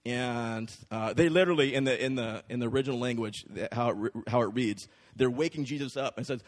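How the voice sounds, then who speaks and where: A pastor with a medium-pitched voice preaches a sermon a little fast, keeping it casual and conversational. He checks in with the congregation by frequently asking "right?", and the recording carries a long hall reverb.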